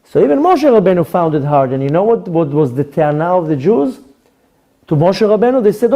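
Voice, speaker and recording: A middle-aged man with an Israeli accent giving a sermon as a rabbi, lively and often acting out the voices of people he quotes. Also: sits high, a little fast. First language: Hebrew. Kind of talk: Torah class sermon.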